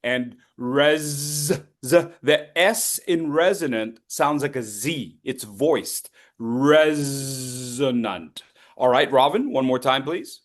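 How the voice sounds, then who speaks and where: A man's voice: medium pitch, animated, slow pace, hardly any pauses. A man coaching speakers in an online voice workshop, upbeat and leading repeat-after-me drills. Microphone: video call.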